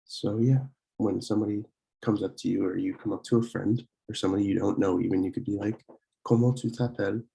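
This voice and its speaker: A young man teaching a French lesson from slides, slowly repeating words and often clearing his throat to correct himself. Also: fairly low pitch, steady tone, warm tone, low-quality recording. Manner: slow, repeated pronunciation drills. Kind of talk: slide-based language lesson.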